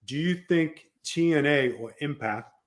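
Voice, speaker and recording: A man's voice: on the high side, measured pace. A man with a New York accent hosting a wrestling podcast, telling stories and acting out the people he quotes. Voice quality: animated storyteller who acts out quoted dialogue. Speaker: podcast host and former wrestler. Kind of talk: casual storytelling chat.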